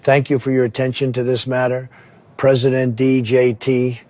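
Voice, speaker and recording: A man voicing a mocking parody of a boastful president in a satirical ad, talking fast and sarcastic. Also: mid-range voice, monotone, darkish tone, no echo, lightly acted. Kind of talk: comedy parody ad.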